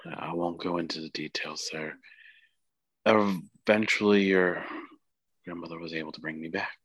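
A man voicing a gentle, sorrowful grandmother spirit who speaks softly and haltingly. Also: sits low, steady tone, dry recording. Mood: solemn.

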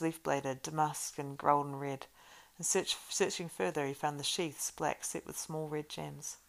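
Low gravelly woman reading a story. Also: unhurried, hardly any pauses, rough recording. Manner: steady reading with small stumbles. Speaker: reader. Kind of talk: storybook read-aloud narration.

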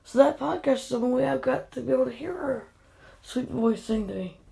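A woman's voice: high voice, brisk, vocal fry. An older woman, a grandmother, angrily scolding online trolls in a direct-to-camera vlog rant. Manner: angry, scolding, emotional. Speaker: grandmother vlogger. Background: quiet house at night.

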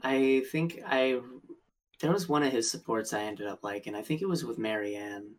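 A man in casual chat, answering calmly with brief remarks. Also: medium pitch, normal speed, a little hiss or hum. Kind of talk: casual chat about a video game.

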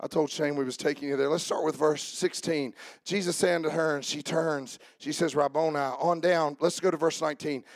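A man preaching a sermon as pastor, building up to shouting and dropping into mock-calm voices for jokes. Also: fairly high pitch, brisk, no room sound.

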